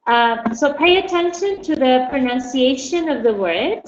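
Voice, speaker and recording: A woman's voice: high-pitched, animated, unhurried. A woman teaching an English lesson, patiently calling on students by name. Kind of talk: online language lesson. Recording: echoey, dull, lightly noisy.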